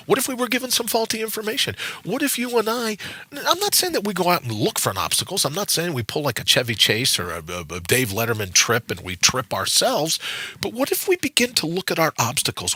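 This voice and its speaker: A man's voice: a little high, sharp tone, husky, no echo. A middle-aged man hosting a motivational morning radio talk show from a studio, preaching with energy and acting out quoted voices.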